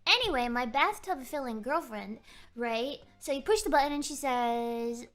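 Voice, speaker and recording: Giggly young woman rambling on stream, high voice that jumps all over, soft music behind. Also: measured pace, pauses often. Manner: animated, giggly, rambling storytelling. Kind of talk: casual chat. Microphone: streaming microphone.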